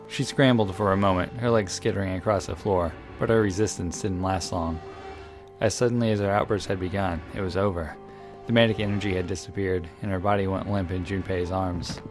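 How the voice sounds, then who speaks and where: A man reading a visual novel aloud in a measured, dramatic narration, with occasional slips. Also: low-pitched, faint music behind. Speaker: game reader.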